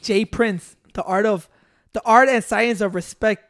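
A man's voice: high voice, steady tone, unhurried, a bit bright. A man co-hosting a podcast in casual banter, swearing freely, dropping Spanish slang and laughing between lines. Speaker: podcast co-host.

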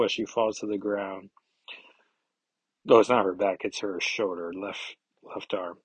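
A man's voice: on the low side, steady tone, a little slow, breathy edge, no echo, lo-fi sound. A man hosting a podcast, casually recapping a comic book with wry, chatty asides. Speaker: podcast host.

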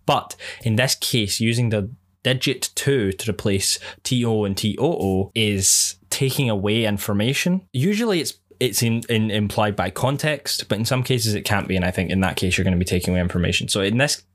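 A man's voice: lowish voice, animated, fairly quick. A man co-hosting a casual podcast, talking in a rambling, hesitant way with many fillers. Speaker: podcast co-host. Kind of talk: casual chat.

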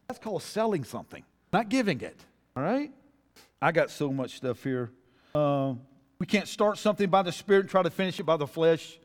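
A middle-aged male pastor preaching a folksy sermon, calling on the congregation to answer and building to loud, emphatic peaks. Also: fairly high pitch, very animated, a little fast. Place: church. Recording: long reverb of a church hall.

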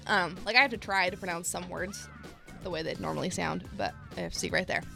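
A young woman from Indiana with a Midwestern accent, co-hosting a casual radio chat, talkative and quick to laugh. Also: fairly low pitch, gravelly, sharp tone, soft background music. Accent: Midwestern American. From Indiana, USA. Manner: chatty, laughs often. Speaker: radio co-host.

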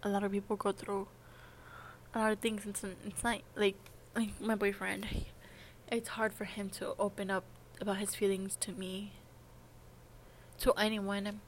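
A woman's voice: mid-range voice, little pitch movement, moderate pace, slight background noise. A young adult woman talking in a casual, confessional vlog monologue, rambling and hesitant, with many "like" fillers. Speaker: vlogger.

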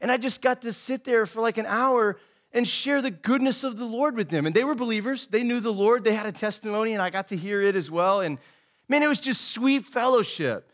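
A man in his thirties with a high, fairly quick voice, he's an associate pastor delivering a casual, earnest sermon packed with folksy stories. He's animated, and he says "man" and "dude" constantly.

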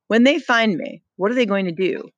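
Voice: medium pitch, normal speed, no room sound, dull audio, pitched above the performer's own voice, close to an everyday voice. A reader voicing a frightened, hunted boy who pleads anxiously with his friends in a storybook reading. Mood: pleading.

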